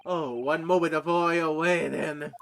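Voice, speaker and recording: A man reading the lines of an older male prison governor, in a low, slow and measured way. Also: steady tone, vocal fry. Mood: gruff.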